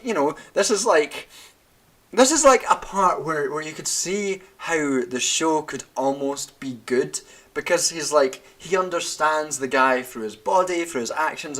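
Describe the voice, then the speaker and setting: A young man, drinking wine while ranting about a TV show in a profane, animated way, laughing and tripping over his words. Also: mid-range voice. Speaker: vlogger. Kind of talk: casual rant.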